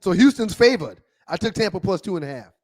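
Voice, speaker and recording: Man co-host, notably high voice, playful boastful banter on sports talk. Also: lively intonation, quick pace, darkish tone.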